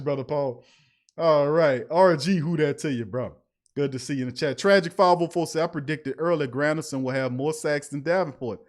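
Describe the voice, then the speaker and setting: Fired-up high-voiced man ranting on sports. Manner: fired-up, ranting, slangy and emphatic. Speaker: sports show host. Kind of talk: live-stream sports talk reading chat.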